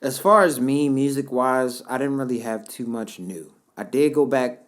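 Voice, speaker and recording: A man's voice: mid-range voice, moderate pace. A man co-hosting a podcast in casual, laid-back, slang-heavy banter. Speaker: podcast co-host. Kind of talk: casual chat.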